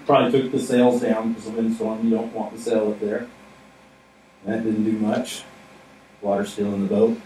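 A man's voice: fairly low pitch, little pitch movement, normal speed, pauses often, dark tone. A man preaching a sermon on stage in a conversational, joking way, asking the audience questions. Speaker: pastor. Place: stage in a church hall. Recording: echoey room from far off with faint noise.

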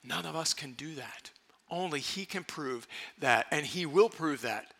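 A man's voice: a little high, expressive, measured pace, gravelly, a bit bright, breathy edge. A man preaching a sermon as pastor, emphatic and repeating his key phrases for weight.

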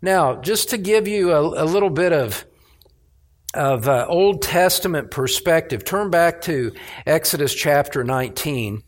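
A man preaching a sermon as pastor, emphatic, with pauses and restarts. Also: a little high, expressive.

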